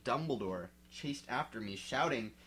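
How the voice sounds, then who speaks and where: A reader drinking malt liquor and giving a mocking dramatic read-aloud, breaking off for sarcastic asides. The delivery is slow and bright, and the pitch swings widely. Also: animated. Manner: sarcastic asides while reading.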